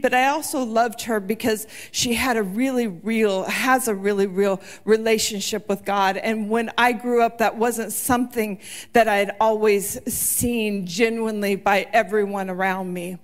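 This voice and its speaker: Woman in her forties, preaching, earnest storytelling, fairly high voice. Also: fairly even intonation, measured pace. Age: 40s. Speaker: church speaker. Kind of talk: sermon.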